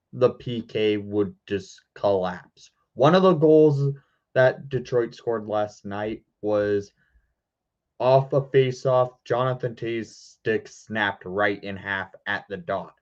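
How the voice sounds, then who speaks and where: Low-voiced man, dull lo-fi sound. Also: takes it slowly. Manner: matter-of-fact, explains plays in detail. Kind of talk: casual sports talk.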